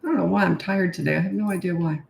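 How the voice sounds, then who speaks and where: A woman's voice: on the low side, very fast, vocal fry, slight background noise. A middle-aged woman parenting coach answering questions in a casual, blunt, matter-of-fact way, with chatty asides. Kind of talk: casual Q&A advice. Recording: roomy echo.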